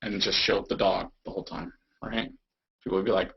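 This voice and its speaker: A man's voice: on the low side, flat delivery, a little fast, creaky, slightly rough. A young man chatting casually on a live stream, rambling and goofy, slipping into silly voices now and then. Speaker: vlogger. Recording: dull lo-fi webcam audio.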